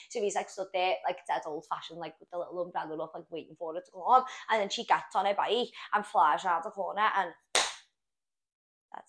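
Young woman, podcast co-host, quick rambling chat, lowish voice, full of fillers. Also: a bit bright. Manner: rambling retelling with lots of fillers and swearing. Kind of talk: casual chat.

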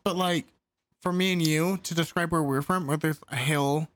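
A woman with a very low speaking voice co-hosts a casual podcast. She mostly gives short reactions and pushes back with questions. The sound is dry, with no room echo. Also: fairly even intonation, normal speed. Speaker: podcast co-host. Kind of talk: casual chat.

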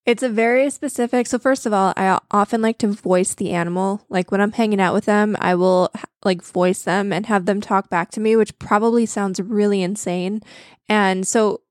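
A woman's voice: medium pitch, steady tone, normal speed, no echo. Female podcast co-host, candid and self-deprecating, mid-range voice, dry close mic. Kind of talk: casual chat.

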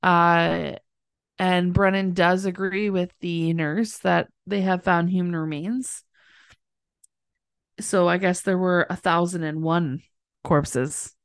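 A woman's voice: on the low side, steady tone, slow, clear, resonant tone, dry recording, clean studio sound. A woman co-hosting a casual podcast, easygoing and joking while recapping a TV episode. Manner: easygoing, laughs often, dad jokes. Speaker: podcast co-host.

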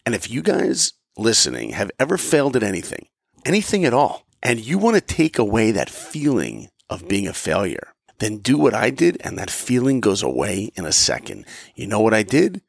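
Animated gravelly man telling a story. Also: lowish voice, normal speed, no echo, clean studio sound. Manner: animated, acts out dialogue. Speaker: motivational podcast speaker. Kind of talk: personal storytelling talk.

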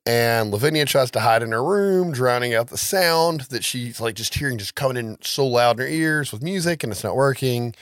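A man's voice: mid-range voice, expressive, normal speed, hardly any pauses, fairly bright tone, dry recording, studio quality. A man casually recapping a film's plot as a podcast co-host, talking loosely with plenty of swearing and filler words. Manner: loose, profane storytelling with many "like"s. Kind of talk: casual chat.

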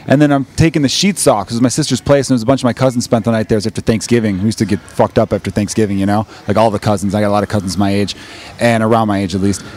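A man's voice: on the low side, steady tone, a little mellow, slight background noise. A man in his thirties from the United States, hosting a podcast and telling crude stories in casual, profane chat. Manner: fast, profane storytelling, acts out quoted voices. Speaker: podcast host.

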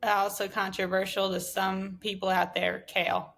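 Female podcast host, hoarse and gravelly, casual opinionated chat. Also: mid-range voice, flat delivery, normal speed, fairly bright tone. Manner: chatty, opinionated hot takes. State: voice giving out, hoarse.

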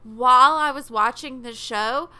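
A woman co-hosting a podcast in casual chat, animated, acting out quotes and laughing often. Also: high-pitched, a little slow, smooth. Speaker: podcast co-host.

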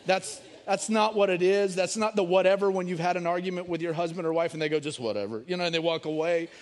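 A middle-aged man preaching a sermon, animated, swinging between loud emphasis and hushed storytelling. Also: high voice, fast talker. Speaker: pastor.

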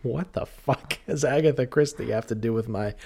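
A man's voice: medium pitch, normal speed, vocal fry, darkish tone, a little hiss or hum. A man co-hosting a horror podcast who teases his co-host, swears freely and laughs often. He grew up in Pennsylvania. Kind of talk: casual banter.

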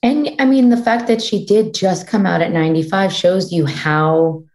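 A woman's voice: lowish voice, normal speed, a little mellow. A woman, a co-creator of a series, answering in a casual interview and searching for her words.

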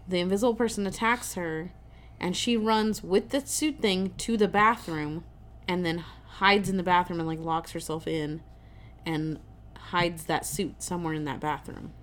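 A woman's voice: lowish voice, steady tone, moderate pace, fairly bright tone, slight background noise. A woman talking casually about a film with a friend. She jumps in to correct details and fill in the plot. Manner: chimes in with corrections and added detail. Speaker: podcast co-host. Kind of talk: casual chat.

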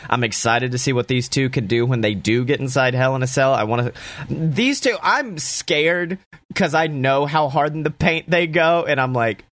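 A man recapping a wrestling show in a casual, enthusiastic way, swearing freely and throwing in quick asides. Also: medium pitch, fairly bright tone, no echo.

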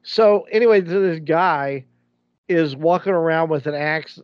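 A man's voice: fairly high pitch, fairly even intonation, measured pace, no echo, lo-fi sound. A man co-hosting a podcast, rambling through movie recaps in casual chat and laughing as he goes. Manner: rambling, restarts, laughs while telling stories. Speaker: podcast co-host.

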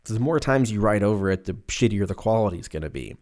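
Recording his podcast alone at home, windows open, this twenty-something host swears often and slips into silly put-on voices as he rambles. He talks a little fast in a lowish, darkish, expressive voice.

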